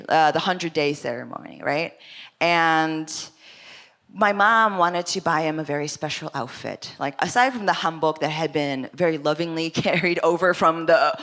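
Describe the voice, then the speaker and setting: Young woman storyteller, lowish but very bright voice, quick asides, self-mocking. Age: young adult. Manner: animated, chatty, self-deprecating, lots of asides. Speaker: storyteller at a live story slam. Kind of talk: comic stand-up storytelling. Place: stage before a live audience.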